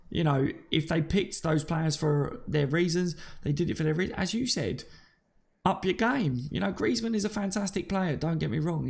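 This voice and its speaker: A man hosts a live fan stream in a loose, matey way, greeting viewers by name and reading their comments aloud. His voice sits a little high with a gravelly edge. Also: a little mellow. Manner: chatty and matey, calls listeners mate and buddy.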